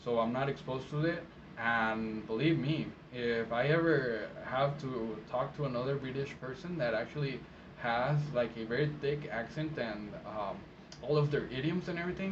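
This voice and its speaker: A man from Mexico who works as a phone interpreter, giving casual advice in a chatty, rambling way full of fillers and restarts. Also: mid-range voice. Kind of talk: casual advice talk to camera. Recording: dull lo-fi sound with steady background noise.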